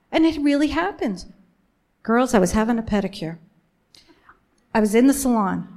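A woman sharing her personal faith testimony with a women's gathering, earnest and emphatic, slowing down on the key phrases. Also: a little high, a little mellow.

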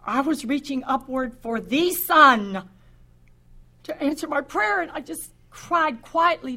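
An older woman shares a personal story of faith in a high, bright voice. She speaks slowly and haltingly, often doubling back and repeating words before going on. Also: lively intonation. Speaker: speaker giving a personal testimony.

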